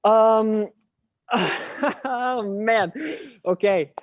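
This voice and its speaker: A man's voice: high voice, extremely slow, no echo. Man, podcast guest, chatty, self-deprecating, dry recording. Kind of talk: casual podcast interview.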